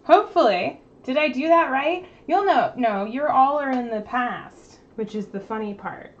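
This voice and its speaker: A woman's voice: high voice, animated, measured pace, lo-fi sound. A woman hosting a casual live stream from home, chatting and laughing while fixing technical problems. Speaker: streamer host.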